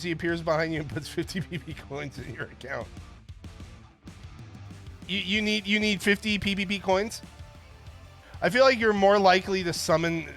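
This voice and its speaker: A male stream host rambles and jokes with his viewers in a loose, casual way. His voice sits high and sounds bright and forward. Faint music plays underneath. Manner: rambling, jokey, chatting with viewers. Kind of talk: casual livestream chat.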